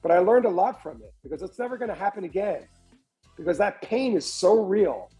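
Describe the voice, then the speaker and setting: A man's voice: high voice, fairly quick, faint music behind, rough recording. A man, a restaurant entrepreneur telling his story as a podcast guest, often restarting and repeating words. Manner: animated storyteller who acts out other people's lines. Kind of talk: candid storytelling interview.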